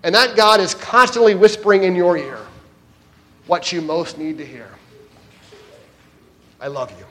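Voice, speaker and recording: A man's voice: sits high, animated, moderate pace, pushed and bright. A man preaching a sermon as pastor at a church service, addressing the congregation directly and earnestly.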